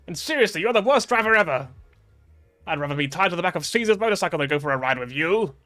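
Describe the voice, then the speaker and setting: A man putting on a furious shouting young woman. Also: sits high, expressive, quick pace, faint music behind. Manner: loud, mock-furious yelling. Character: hot-headed young woman shouting insults.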